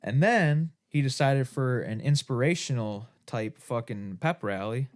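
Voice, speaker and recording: A man's voice: medium pitch, animated, unhurried. Profane rambling male podcast host. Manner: rambling, profane, laughing often. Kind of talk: casual storytelling chat.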